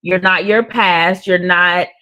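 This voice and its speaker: Loud, animated woman co-host. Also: lowish voice, takes it slowly, low-quality recording. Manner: loud, animated, laughs easily. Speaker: podcast co-host. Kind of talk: casual faith-based chat.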